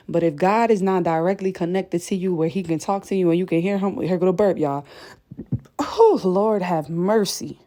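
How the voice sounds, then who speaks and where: Breathless woman preaching with a dark, mellow voice. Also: lowish voice. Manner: preachy, emphatic, addresses viewers directly with "y'all" and "okay?". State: breathless from pacing. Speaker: spiritual content creator. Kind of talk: impassioned spiritual message to viewers. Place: indoors at home, late at night.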